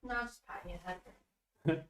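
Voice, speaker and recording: A woman's voice: lowish voice, measured pace, recorded from a distance. A woman chatting casually and teasing lightly, off to the side of a livestream, heard across the room. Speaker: host's partner chatting off-camera. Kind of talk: casual chat. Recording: echoey room, away from the mic.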